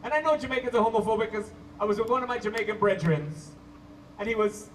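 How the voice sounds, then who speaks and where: High-voiced stand-up comic. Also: male voice, a little hiss or hum. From Trinidad. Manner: brisk, conversational storytelling. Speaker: stand-up comedian. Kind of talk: stand-up comedy set. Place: outdoor stadium stage. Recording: echoey, distant live stage audio.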